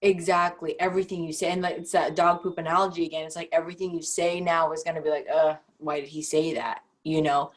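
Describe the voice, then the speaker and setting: Lower-voiced young woman, giggly and thoughtful. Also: flat delivery, quick pace, few pauses. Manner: thoughtful, giggly, acts out example phrasings. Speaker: podcast guest. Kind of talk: casual podcast chat.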